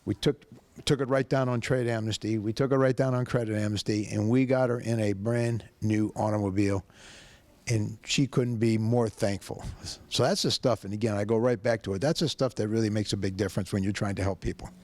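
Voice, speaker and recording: Folksy fast-talking car salesman. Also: on the low side, steady tone, a little mellow, dry recording. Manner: emphatic, folksy storyteller. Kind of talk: animated sales pitch and storytelling.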